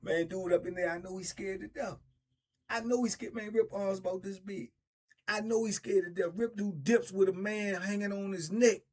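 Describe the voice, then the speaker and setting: A man's voice: high-pitched, fairly even intonation, moderate pace, darkish tone. A middle-aged man telling stories in a laid-back, drawling way, laughing often. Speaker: storyteller host. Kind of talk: casual storytelling.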